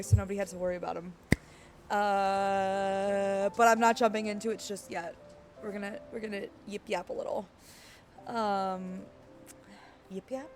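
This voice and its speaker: A woman streaming and chatting casually, rambling and reading chat aloud, her voice croaky and worn out. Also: mid-range voice. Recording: faint music underneath.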